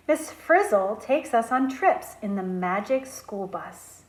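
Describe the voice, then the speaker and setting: A woman speech therapist reading picture books aloud to children, slow, clear and expressive. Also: on the high side. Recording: roomy echo.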